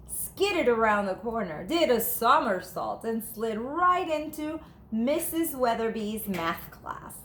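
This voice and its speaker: A woman teacher reads a children's picture book aloud in an animated, playful way. She takes her time, and her pitch rises and falls a great deal. The room is echoey, with faint noise behind her. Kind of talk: children's storybook read-aloud.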